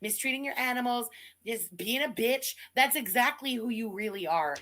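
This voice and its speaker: A fairly high-voiced woman mocks and scolds with cursing scorn, sharp and unimpressed. She speaks as a livestream co-host throwing jabs alongside the main host. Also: normal speed. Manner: profane, scornful, mocking. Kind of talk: reaction commentary.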